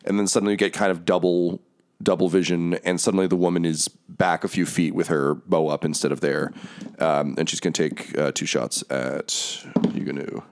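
A man narrating as game master of a tabletop fantasy game, talking loosely with many pauses and ums. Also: low-pitched, steady tone, gravelly.

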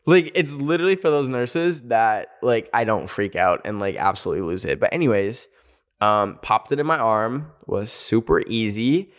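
A man hosting a podcast, telling a story in a casual, animated way with sassy asides. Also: lowish voice, moderate pace. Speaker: podcast host. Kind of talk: casual chat.

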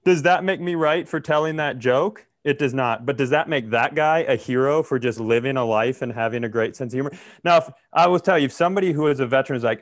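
A man's voice: medium pitch, quick pace, few pauses, dry recording, studio quality. A male comedian co-hosting a podcast, telling a story in casual chat and swearing freely.

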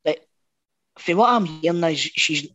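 A Scottish man co-hosts a football podcast, talking in a brisk, casual way and swearing freely. His voice sits fairly high for a man. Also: lively intonation, pushed and bright, highs cut off. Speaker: podcast co-host. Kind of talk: casual chat.

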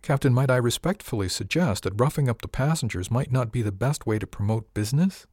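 A proper, courteous female ship's cook who phrases everything with gentle formality, as a male narrator puts her on. The reading is close and dry. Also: mid-range voice, expressive, brisk, husky, dry recording. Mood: earnest.

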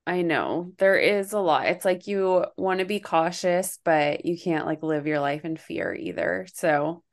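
A woman co-hosting a podcast in casual chat, talking in a relaxed and encouraging way. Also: on the low side, unhurried. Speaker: podcast co-host.

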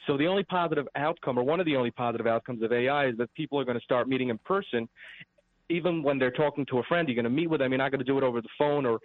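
A man's voice: medium pitch, rapid-fire, dry recording. Rambling male caller on a tinny phone line. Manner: earnest, rambling, restarts sentences. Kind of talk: call-in radio talk.

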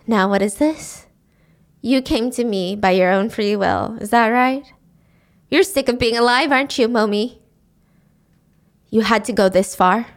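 Woman reading vengeful middle-aged killer mom, measured taunt, slightly low.

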